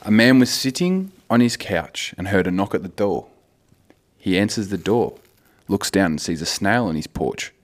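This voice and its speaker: Man, very deep voice, lively pitch swings, jokey podcast co-host, blunt. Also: normal speed. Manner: jokey, tells short gags, blunt and squeamish. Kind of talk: casual chat.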